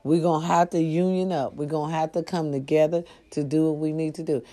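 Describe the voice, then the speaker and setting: A woman vlogger talking straight to her followers in a casual, preachy, profane monologue that swings from low murmurs to loud outbursts. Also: steady tone, fairly quick, faint music behind. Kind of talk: casual direct-to-camera monologue.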